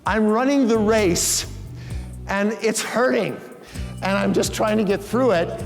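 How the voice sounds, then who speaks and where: A middle-aged man delivers a motivational story on stage, his voice sitting high for a man. He acts out the lines he quotes with animated energy. The sound rings through a large reverberant hall with faint music underneath. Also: measured pace, vocal fry. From Canada. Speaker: keynote speaker.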